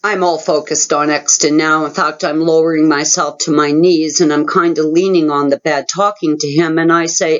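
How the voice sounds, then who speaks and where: A woman's voice: low voice, fairly even intonation, normal speed, few pauses. A woman hosting her own channel, telling a personal story in an earnest, dramatic way. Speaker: channel host. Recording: muffled lo-fi audio.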